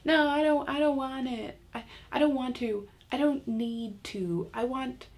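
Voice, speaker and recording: A woman's voice: high voice, a little slow, a little mellow, voice pushed up. A woman imitating a reluctant little girl who whines and stammers her refusals. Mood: whiny.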